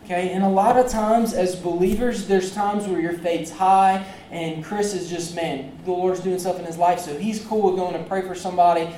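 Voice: medium pitch, fairly even intonation, moderate pace, hardly any pauses, warm tone, reverberant, far from the mic, slight background noise, poor audio. A preacher giving a casual, conversational sermon with a personal story, speaking straight to the congregation in a church sanctuary. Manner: conversational, chatty, addresses the congregation directly.

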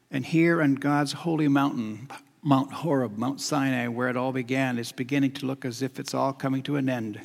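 A male preacher giving a sermon, measured and repetitive, often dropping to a quiet, weighty emphasis. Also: mid-range voice, steady tone, creaky. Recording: long hall reverb.

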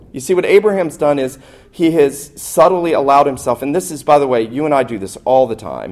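A man's voice: mid-range voice, darkish tone. A man preaching a sermon as pastor, earnest and emphatic, asking and answering rhetorical questions.

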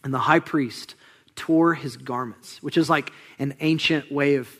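A man's voice: medium pitch, steady tone, measured pace, a bit bright. A male pastor preaching a sermon in a casual teaching manner, calling his listeners friends.

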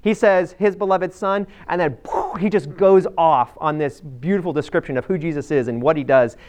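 A man's voice: a little high, normal speed, darkish tone. Man teaching scripture with emphatic asides. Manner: emphatic, frequent fillers and "right?" checks; addresses a live group directly. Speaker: Bible teacher. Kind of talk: conversational Bible teaching.

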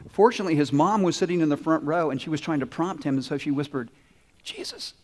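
A fairly high-voiced man gives an animated children's sermon. He quizzes the kids and fills in their answers, sometimes rising to bursts and sometimes dropping low. A long hall reverb trails after his words. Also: quick pace. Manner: animated, asks children questions and answers for them. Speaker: pastor.

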